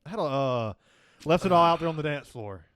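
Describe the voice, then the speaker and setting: A man's voice: a little high, lively intonation, a little fast, a bit bright, dry recording, clean studio sound. A man co-hosting a casual podcast chat, joking around, swearing freely and laughing often. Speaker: podcast co-host.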